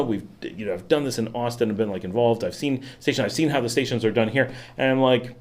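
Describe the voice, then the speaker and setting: A man's voice: mid-range voice, quick pace, few pauses, darkish tone. A man hosting his own livestream, chatting casually and rambling, with many fillers and little laughs. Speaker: vlog host. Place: at home in the city.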